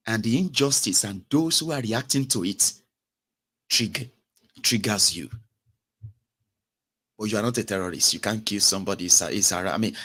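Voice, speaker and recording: A man's voice: mid-range voice, a bit bright. A man with a Nigerian accent giving passionate political commentary as a host, slipping into pidgin and comic impressions.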